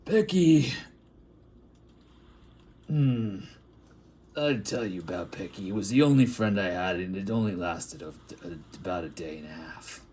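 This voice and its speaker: A man's voice: deep voice, animated, a little slow, pauses often, darkish tone, a little hiss or hum. A man voicing a grimy male plague doctor from a back-alley town, rambling and crude in an improvised comic monologue. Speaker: artist improvising a comic story.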